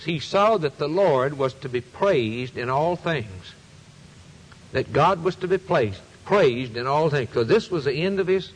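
A man's voice: fairly high pitch, breathy edge, big-room sound, low-quality recording. A man preaching a sermon, quoting scripture in old-fashioned phrasing with a swooping, rhythmic delivery.

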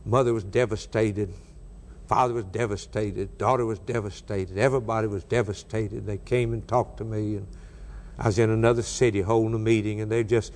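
A man's voice: lowish voice, fairly even intonation, fairly quick. Older man, preacher, sermon delivery, big dynamic swings, reverberant hall. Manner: dramatic swings between soft and raised delivery.

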